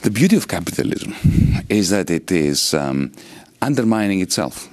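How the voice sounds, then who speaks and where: A middle-aged Greek-accented man speaks in a very low voice, explaining with sweeping, lecture-like rhetoric. The recording is close and dry, with no room sound. He is an economist answering interview questions. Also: sing-song, moderate pace, no echo. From Greece. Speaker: economist and politician guest.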